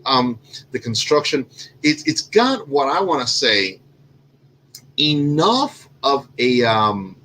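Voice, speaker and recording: A man from Cuba hosts a relaxed cigar talk show. He rambles, restarts sentences and fills pauses with plenty of "uh"s at a mid-range pitch. A faint hum sits under his voice. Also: poor audio. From Cuban. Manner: rambling, self-correcting, lots of fillers. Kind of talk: casual chat.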